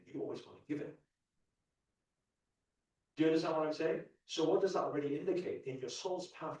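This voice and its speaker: A man in his thirties leads a motivational talk in a large hall and keeps asking the audience questions. His voice booms back in a very echoey space. He stands well away from the microphone. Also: darkish tone. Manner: questions the crowd, repeats lines for emphasis. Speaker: spiritual teacher. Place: large hall at a live event. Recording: echoey hall, speaker far from mic.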